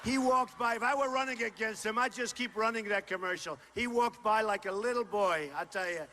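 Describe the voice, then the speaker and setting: Booming man at a rally, echoing hall. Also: fairly quick. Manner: punchy, repetitive, boastful, often shouting to a crowd. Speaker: political candidate. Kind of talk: campaign rally speech. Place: large indoor university venue. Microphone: stage microphone. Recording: long hall reverb with faint crowd noise.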